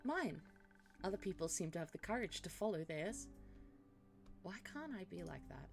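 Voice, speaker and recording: A woman voicing a young female ranger who speaks softly and hesitantly in a cosy tavern role-play. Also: fairly low pitch, big pitch swings, moderate pace, gravelly, faint music behind. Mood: wistful. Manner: soft, hesitant and yearning.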